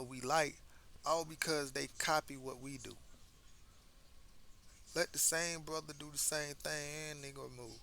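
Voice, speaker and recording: Man, gravelly edge, bright tone, emphatic casual commentary, faint background hiss. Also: mid-range voice. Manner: conversational, emphatic, repeats words when restarting. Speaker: commentary host. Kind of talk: casual social commentary monologue.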